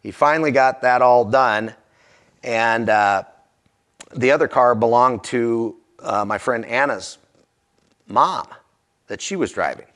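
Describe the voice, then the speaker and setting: A man's voice: medium pitch, slow, long pauses, fairly bright tone. A man earnestly recounting a personal anecdote from his charity volunteer work in a folksy, conversational way.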